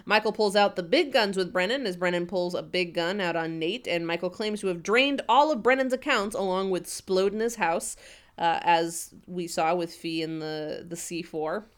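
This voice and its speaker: A woman's voice: fairly low pitch, normal speed. Chatty woman recapping a TV episode. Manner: animated, acts out characters' lines while retelling scenes. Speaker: podcast co-host. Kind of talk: casual recap chat.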